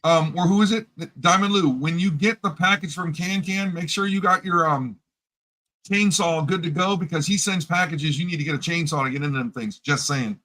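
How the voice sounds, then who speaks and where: Bright-voiced joking man. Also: fairly high pitch, rough recording. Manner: joking, chatty, drawn-out asides. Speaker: co-host. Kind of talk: casual chat about coin collecting.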